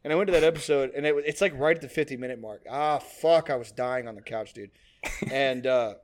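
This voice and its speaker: A man's voice: mid-range voice, fairly quick. A man in his twenties co-hosting a podcast, chatting casually in a rambling, profane way with lots of "like". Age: 20s. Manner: rambling, profane, many fillers. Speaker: podcast co-host.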